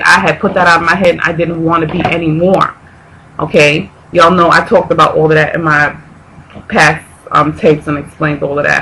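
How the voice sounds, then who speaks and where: Grieving woman with a gravelly voice. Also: low-pitched, a bit bright, a little hiss or hum, poor audio. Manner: halting, repeats herself, restarts often. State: near tears, grieving. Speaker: vlogger. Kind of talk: emotional personal vlog.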